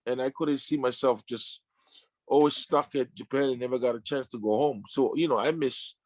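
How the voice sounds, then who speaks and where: A man in his fifties, a retired sumo wrestler, telling his story in an interview with emotional, halting restarts and casual slang. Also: medium pitch, steady tone, darkish tone, no echo. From Samoan family.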